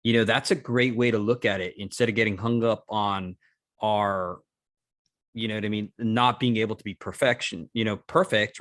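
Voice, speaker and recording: Low-voiced affirming male podcast host. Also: fairly bright tone, dry recording, clean studio sound. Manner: affirming, fillers like "you know what I mean", laughs along. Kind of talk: casual interview chat.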